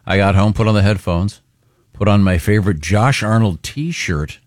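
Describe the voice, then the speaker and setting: A man's voice: on the low side, moderate pace, dry recording, clean studio sound. A man hosting a radio talk show, easygoing, making announcements and reading a listener letter aloud. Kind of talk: casual comedy banter, reading listener mail.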